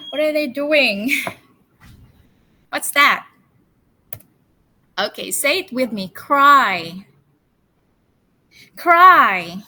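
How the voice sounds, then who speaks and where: A woman teacher runs a storytelling lesson for young children, her voice sitting a little high and ringing bright. She speaks very slowly, with cheerful coaxing questions, and has the class repeat each word after her. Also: low-quality recording. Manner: drills words with slow call-and-response repetition. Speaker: English teacher.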